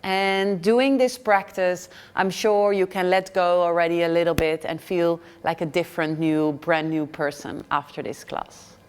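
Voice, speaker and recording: A woman teaching a yoga class, calm and gentle, telling a story as she guides. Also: fairly low pitch, unhurried, hardly any pauses, clean tone.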